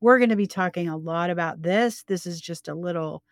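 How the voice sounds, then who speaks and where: An older woman co-hosting a faith podcast, speaking slowly and gently as she gives advice. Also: lowish voice, no room sound, studio quality. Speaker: co-host. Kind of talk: faith-based podcast chat.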